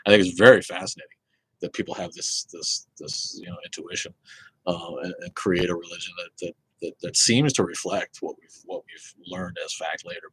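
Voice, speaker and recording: A low, husky man hosts a live Q and A, talking in a loose, rambling way. He swears freely, trips over restarts, and the sound is dry and close. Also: fairly even intonation, a little fast, fairly bright tone, no room sound, low-quality recording. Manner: rambling, profane, many fillers and restarts. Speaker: host of an atheist live show. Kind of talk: casual live Q and A chat.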